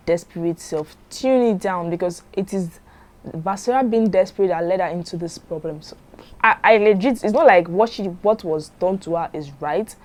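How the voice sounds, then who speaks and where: A woman's voice: lowish voice, darkish tone. A young woman, narrating a drama story in a chatty way and commenting on it as she goes.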